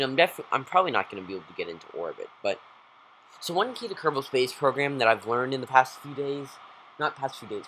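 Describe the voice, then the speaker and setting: A man giving rambling, excitable gameplay commentary as a YouTuber, talking straight to his viewers. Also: mid-range voice, a little hiss or hum, low-quality recording. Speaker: gaming YouTuber.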